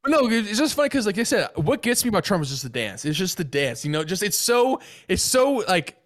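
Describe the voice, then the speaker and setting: A young man co-hosting a casual podcast chat, excitable and swearing a lot, with plenty of filler words. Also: high voice, fairly quick, dry recording, studio quality. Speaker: podcast co-host.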